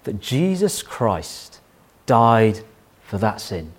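Sermon: middle-aged pastor, lively pitch, emphatic, repeats lines. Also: male voice, very slow, breathy edge. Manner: anecdotal, emphatic, repeats key phrases.

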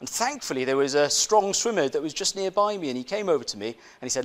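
A man preaching a sermon in an easy, conversational way, weaving in a personal story. His voice sits a little high and swings up and down a lot. He keeps asking his listeners questions and circles back over his own phrases. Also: animated, fast talker, hardly any pauses. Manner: conversational, asks the congregation rhetorical questions, repeats phrases.

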